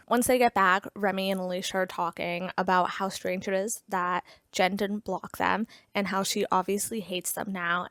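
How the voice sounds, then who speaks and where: A woman's voice: mid-range voice, no room sound, studio quality. A woman giving a casual, chatty plot recap as a book reviewer, full of "like" fillers and wry asides.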